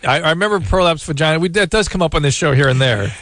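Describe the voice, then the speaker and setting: Fast-talking radio host. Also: male voice, on the high side, a bit bright, no echo, studio quality. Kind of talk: casual radio chat.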